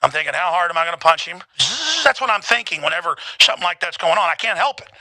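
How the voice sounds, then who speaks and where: A man as rambling hothead caller, quick, gravelly, sharp. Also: high voice, sing-song, slight background noise, voice pushed up, heavily acted. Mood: agitated. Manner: rapid, rambling. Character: hotheaded young man itching to fight.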